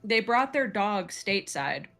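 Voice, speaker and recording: A woman's voice: medium pitch, big pitch swings, unhurried, fairly bright tone. A woman chatting casually as a co-host, telling a story with plenty of swearing and laughter. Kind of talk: casual chat.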